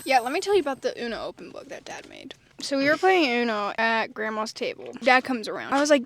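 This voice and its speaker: A young woman casually telling a family story and jumping way up in pitch when she quotes people. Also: fast talker, few pauses, no echo. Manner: animated, jumps high when quoting others.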